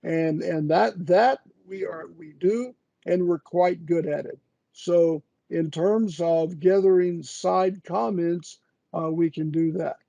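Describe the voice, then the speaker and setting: Slow, gravelly older man explaining. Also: fairly high pitch, dark tone, dry recording, highs cut off. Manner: slow and halting, many drawn-out "uh"s. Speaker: guest expert answering questions. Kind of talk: webinar Q&A answer.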